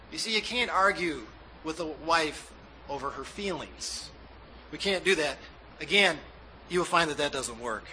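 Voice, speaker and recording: A man's voice: a little high, expressive, normal speed, pushed and bright, slight background noise, poor audio. A man preaching a sermon as pastor, building to emphatic peaks and acting out the lines of husbands and wives. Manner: preaching with rising emphasis, acting out quoted dialogue.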